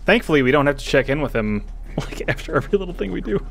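A man's voice: fairly high pitch, sing-song, fast talker, creaky, a little hiss or hum. A man co-hosting a let's play, chatting casually as he plays and laughing easily. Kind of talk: casual gameplay commentary.

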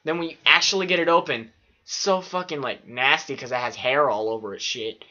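A man spins rambling, profanity-laced stories in a loose, animated way. His voice has a bright edge to it. The recording sounds dull and lo-fi. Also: medium pitch, fairly quick. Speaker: vlogger. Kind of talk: casual storytelling.

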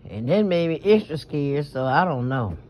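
A woman's voice: low voice, lively intonation, normal speed, a little mellow. Rambling woman vlogging from bed. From Southern US, New Orleans. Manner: rambling, stammering, emphatic, swears freely. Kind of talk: late-night confessional vlog. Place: in bed at night. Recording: muffled lo-fi phone audio.

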